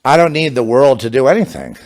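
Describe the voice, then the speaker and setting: A man's voice: medium pitch, sing-song, brisk, a little mellow. A man delivering an impassioned religious monologue, fervent and sarcastic, with bursts of scornful laughter. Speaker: religious commentator.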